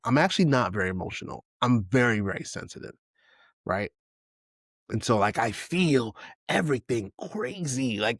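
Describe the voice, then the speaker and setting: A man's voice: mid-range voice, no room sound, studio quality. A man in his forties hosting a solo podcast, talking without notes in a candid, reflective way, full of restarts and "you know what I'm saying.". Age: 40s. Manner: candid and emotional, swears casually. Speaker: podcast host. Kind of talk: unscripted solo podcast monologue.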